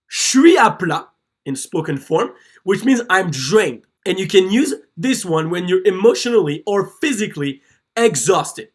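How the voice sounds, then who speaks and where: Teacher, slow, sing-song delivery, clear phrase-drilling lesson narration. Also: mid-range voice, big pitch swings. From France. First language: French. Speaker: French teacher. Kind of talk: scripted slide-based lesson narration.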